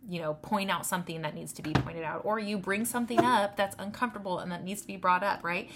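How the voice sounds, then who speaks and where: A woman in her thirties talking through self-help advice in a loose, conversational way, often checking in with "right?" and filling pauses with "um" and "like". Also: medium pitch, heavy background noise. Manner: conversational, tags points with "right?"; loose, with many fillers. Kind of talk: casual advice talk.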